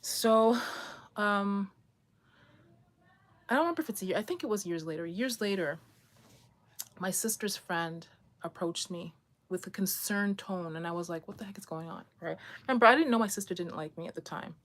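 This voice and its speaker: A woman at home tells a personal story in a candid, rambling vlog style. Her voice sits at an ordinary middle pitch. She talks loosely, then presses certain points with emphatic bursts. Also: animated, normal speed, long pauses, fairly bright tone. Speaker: vlogger.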